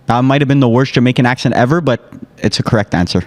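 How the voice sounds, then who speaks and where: A man's voice: medium pitch, fast, faint music behind. A man competing in a quiz with friends, joking around and trash-talking in casual banter. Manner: playful, trash-talking, jokey. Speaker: quiz contestant.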